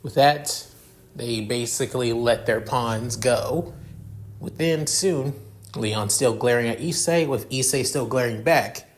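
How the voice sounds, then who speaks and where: A man's voice: medium pitch, slow pace, a little hiss or hum. A man narrating a fan story in a rambling, filler-heavy way, with casual cursing.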